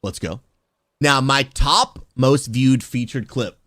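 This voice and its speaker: A man talking casually to his live stream chat as a game streamer, animated and chummy. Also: medium pitch, takes it slowly, no room sound. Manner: animated, talks straight to chat, says "dude" and "bro".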